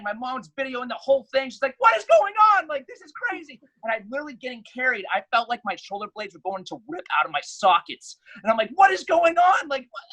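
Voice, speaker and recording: The recording is low quality, and the young man speaking has a very high-pitched voice. As a guest on a podcast, he relates a story in relaxed chat, getting animated and loudly performing the quoted voices.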